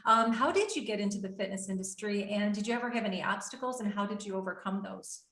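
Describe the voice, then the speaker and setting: A woman's voice: medium pitch, quick pace, a bit bright. A woman hosting a TV talk show, enthusiastic and a little rambling as she praises her guest. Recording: echoey studio.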